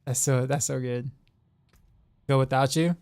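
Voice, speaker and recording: A man's voice: medium pitch, steady tone, a little slow, gravelly, a little mellow, clear, resonant tone. A man chatting casually while streaming a game. He laughs often and repeats himself. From Southeastern United States. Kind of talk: casual chat while gaming.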